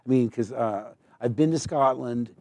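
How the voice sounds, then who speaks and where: This man speaks at a normal speed in a mid-range voice with a dark tone, and the recording is dry. He's a guest actor in a live on-stage conversation before an audience, wandering through digressive stories and putting on mimicked accents.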